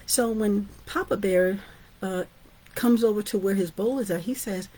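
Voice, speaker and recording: A woman teaches storytelling in an informal, chatty way. She keeps checking in with her listeners as she goes. Her voice has a husky grain at a middle pitch. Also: moderate pace, warm tone. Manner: chatty, asks "right?" and "guess what?".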